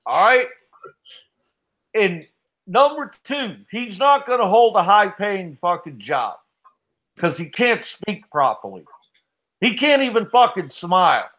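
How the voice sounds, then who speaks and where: A man hosts and angrily scolds a caller in a profane voice. His pitch runs fairly high and swings widely. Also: sing-song, takes it slowly, long pauses, fairly bright tone. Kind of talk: heated argument.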